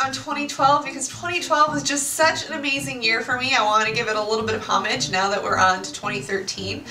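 A woman's voice: on the high side, fairly quick. A woman in her late twenties chatting casually to her viewers in a bubbly, exclamatory way. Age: 20s. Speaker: YouTuber. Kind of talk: casual chat to camera. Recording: roomy echo, far from the mic, music behind. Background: music.

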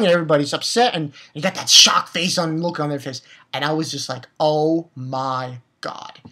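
A woman recaps and rates an anime episode in an excited, unfiltered rush, cursing freely and tripping over her words. Her voice sits somewhat low, with a breathy, husky texture. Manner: excitable, blunt, swears, trips over words. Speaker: anime reviewer. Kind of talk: casual spoken episode review.

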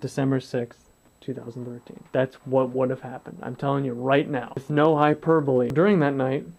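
A man's voice: medium pitch, little pitch movement, moderate pace, gravelly, darkish tone. A man in his twenties telling a personal story to camera in a blunt, profane way, acting out what others said. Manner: blunt and profane, swears freely, acts out dialogue. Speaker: vlogger.

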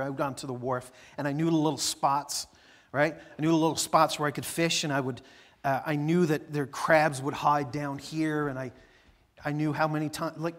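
Middle-aged man, pastor, somewhat high voice, loose animated storyteller from the pulpit. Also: big-room sound. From Newfoundland, Canada. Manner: conversational and animated, with frequent fillers and restarts. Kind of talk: storytelling sermon.

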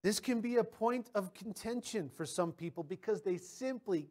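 A man's voice: high voice, normal speed, few pauses, a little mellow. A man preaching a sermon as pastor, talking conversationally with personal stories and often repeating words as he starts a sentence.

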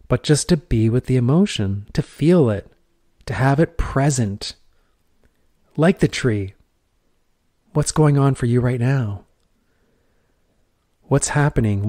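A man's voice: medium pitch, warm tone, dry recording, studio quality. A middle-aged man hosting a podcast, talking earnestly in a reflective monologue with repeated phrases and rhetorical questions. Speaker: podcast host.

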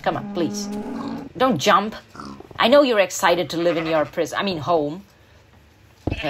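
A woman casually commenting on her own gameplay, chatty and self-mocking, with rambling asides. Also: lowish voice. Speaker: gaming channel host. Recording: noisy home recording.

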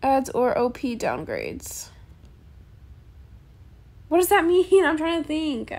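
A young adult woman in casual gameplay chat, soft-spoken and chatty, recorded on a phone in a quiet bedroom late at night. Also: high voice, wildly swooping pitch, slow. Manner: chatty, soft-spoken, calls viewers bestie. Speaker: gaming YouTuber.

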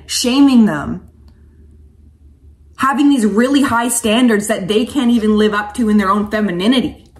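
A woman's voice: mid-range voice, fairly bright tone. A woman coach and vlogger giving an impassioned, preachy monologue to camera, casual and slangy, calling viewers sweetheart and honey.

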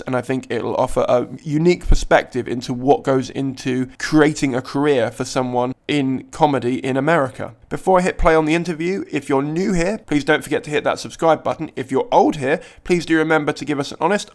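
A man hosting a comedy industry podcast, giving a friendly, upbeat intro. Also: medium pitch. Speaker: podcast host.

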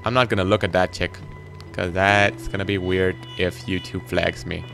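A teenage boy giving rambling, excitable commentary while playing a video game. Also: sits low, normal speed, gravelly, soft background music. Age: teens. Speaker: gaming channel host. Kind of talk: gameplay commentary.

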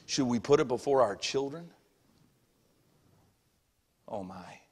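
Man preaching with shouts and hushes. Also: medium pitch, lively intonation, slow pace, breathy edge. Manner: swings between shouted preaching and hushed asides. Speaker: pastor. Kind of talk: sermon. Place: church sanctuary. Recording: long church hall reverb.

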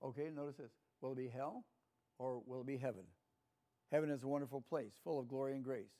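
A man's voice: medium pitch, a little fast, mellow. Older Southern man teaching Sunday school. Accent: Southern American. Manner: chatty, asks the room "Amen?", chuckles. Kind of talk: folksy Bible lesson. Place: church classroom.

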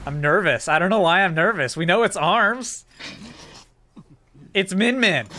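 Brief: an excitable male reactor with a high, bright voice, bursting into quick exclamations. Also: a little hiss or hum. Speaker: host. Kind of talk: reacting to game trailers. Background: faint trailer music.

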